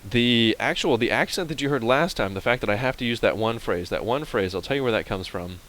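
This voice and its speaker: A man's voice: medium pitch, lively intonation, brisk, fairly bright tone, poor audio. A man from Pennsylvania commenting on a game and telling a rambling story to viewers in a casual, chatty way. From Pennsylvania, USA. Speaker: let's play host.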